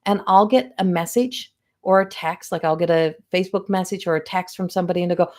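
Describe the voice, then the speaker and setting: A woman's voice: on the low side, fast, darkish tone. A middle-aged woman hosting a psychic medium livestream from home, chatting casually and animatedly to viewers, often acting out quoted voices.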